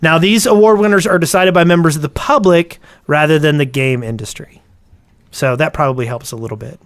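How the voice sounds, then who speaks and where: Podcast co-host, man, higher pitch, newsy, stumbles and laughs, dry close mic. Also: brisk, no room sound. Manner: laughs often, stumbles and repeats words. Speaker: podcast co-host reading news. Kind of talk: casual podcast chat.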